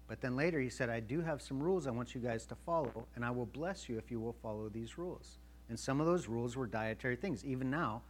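A man's voice: mid-range voice, a bit bright. A male pastor preaching a sermon in a conversational way, acting out the voices of a Bible story and checking in with his listeners. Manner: checks in with the audience.

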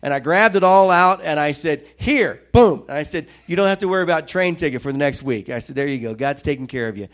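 A middle-aged man preaching a sermon, telling stories with lively quoted voices. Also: on the high side, fast talker, few pauses. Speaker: pastor.

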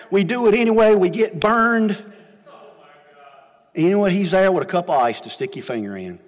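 A middle-aged pastor, preaching a sermon in a folksy storytelling way that swings between loud and soft. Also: male voice, high-pitched, big pitch swings, moderate pace, long reverb tail. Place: church sanctuary.

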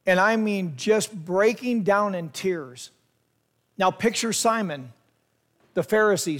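High-voiced man telling a sermon story. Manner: vivid retelling, speaks straight to listeners. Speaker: youth pastor. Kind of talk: storytelling sermon to a youth group.

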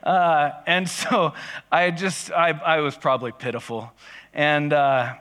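A man's voice: on the high side, fairly even intonation, takes it slowly, fairly bright tone, big-room sound. A male pastor giving a casual sermon, telling personal stories in a conversational, self-deprecating way.

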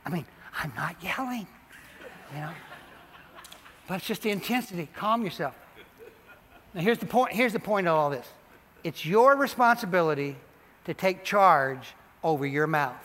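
A male pastor preaching a sermon in a church, animated and emphatic, repeating and stressing key phrases. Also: high-pitched, moderate pace, pauses often. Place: church sanctuary. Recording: long hall reverb.

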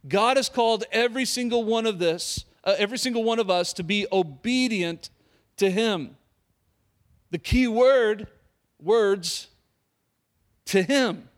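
A man's voice: high-pitched, unhurried, long pauses. A middle-aged male pastor preaching a sermon, emphatic, repeating key phrases and putting questions to the congregation.

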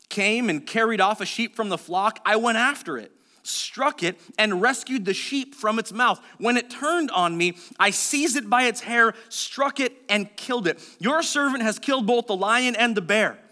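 A man preaching a sermon as pastor, lively, acting out the people in the story in quick voices and dropping low and quiet for asides.

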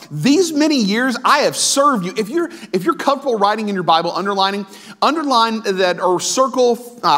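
A man's voice: high voice, a bit bright. A male pastor giving a conversational sermon, full of asides, restarts and questions to the congregation.

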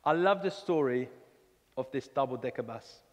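A man preaching a sermon in a church hall, earnest and halting, often restarting his words. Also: mid-range voice, lively intonation. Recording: reverberant church hall with soft music.

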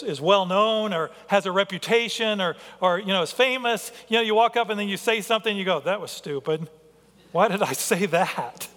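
A pastor with a high, fairly bright voice preaches a sermon in a reverberant hall. He's earnest, often restarting sentences and using filler as he thinks out loud.

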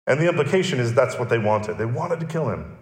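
A man's voice: mid-range voice, sing-song, quick pace. A male pastor preaching a sermon, explaining and repeating key phrases for emphasis. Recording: echoey church hall.

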